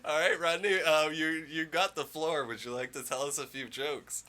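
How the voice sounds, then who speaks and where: A man's voice: fairly high pitch, steady tone, normal speed, sharp tone. A man hosting a casual comedy podcast, playful and often laughing. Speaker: podcast host.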